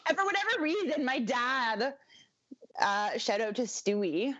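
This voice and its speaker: A woman's voice: high voice, lively intonation, unhurried, fairly bright tone, no echo. A woman co-hosting a podcast talks in a loose, casual way, with many ums and restarts. She laughs easily. The recording sounds dry and a little muffled. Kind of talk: casual chat.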